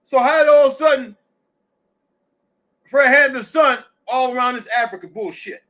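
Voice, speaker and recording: A man's voice: extremely high pitch, moderate pace, sharp tone. A middle-aged man hosting a casual live audio chat, blunt and profane as he tells stories. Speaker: host.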